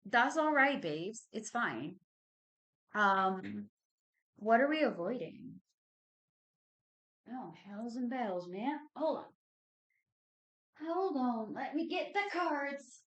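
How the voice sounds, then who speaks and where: This tarot reader's fairly high, expressive voice moves slowly, with frequent pauses and a fairly bright tone. She's a woman in her thirties from Southern Texas giving viewers a chatty, slangy monthly card reading, addressing them as y'all and babies.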